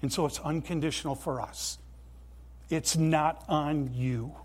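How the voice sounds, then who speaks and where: A man preaching a sermon in a church, earnest and emphatic, with deliberate pauses. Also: on the high side, steady tone. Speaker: pastor.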